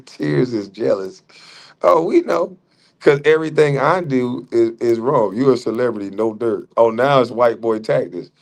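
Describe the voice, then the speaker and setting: A middle-aged man hosting a livestream, arguing heatedly with a rival and mocking him with frequent laughs. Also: mid-range voice. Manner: mocking, combative, laughs often. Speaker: livestream host.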